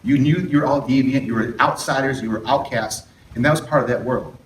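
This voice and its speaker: A man's voice: mid-range voice, a little fast, slight background noise. A middle-aged man, a therapist, giving a candid addiction recovery talk to an audience, often throwing questions at the room and adding sarcastic asides. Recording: roomy hall picked up from a distance.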